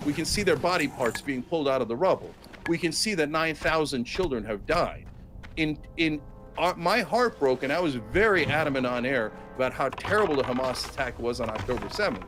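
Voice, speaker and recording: A man's voice: a little high, animated, moderate pace, fairly bright tone, faint music behind. A man giving impassioned political commentary, emphatic and indignant, with mocking mimicry of opponents.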